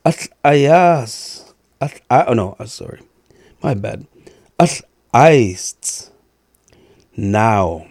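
A male radio host speaks very slowly, repeating each word with care. His voice is gravelly and dark. The sound is dry and close. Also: medium pitch, lively intonation, dry recording. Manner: slow, repeating each word carefully, clearing throat often. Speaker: radio host teaching indigenous language phrases. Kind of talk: slow radio language lesson with repetition.

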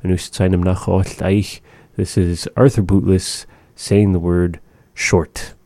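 Man, language teacher, very low voice, slow and patient, warm tone, dry close sound. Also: flat delivery, no echo. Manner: slow, patient, repeats phrases for learners. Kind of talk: radio language lesson.

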